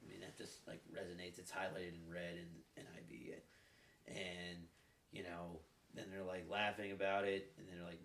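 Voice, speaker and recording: A man's voice: deep voice, little pitch movement, normal speed. A man chatting casually about a Bible passage, rambling and saying "like" often. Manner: rambling, heavy use of "like". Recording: echoey room with light noise.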